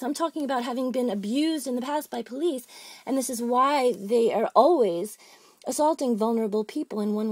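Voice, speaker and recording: A woman's voice: fairly high pitch, a little mellow, no room sound, studio quality. A woman calling in to complain, rambling and agitated, with many restarts. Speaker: caller. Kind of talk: phone-in complaint.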